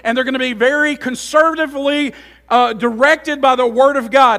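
A man with a very high voice preaching a sermon. He moves between loud, emphatic rises and quiet, low asides, and he restarts and repeats phrases as he teaches. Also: steady tone, normal speed. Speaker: pastor.

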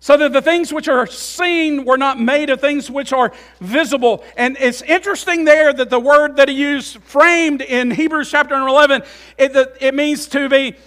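Preaching a sermon at normal speed, a pastor swings between loud, emphatic passages and quiet, low asides. He often repeats and restarts his phrases.

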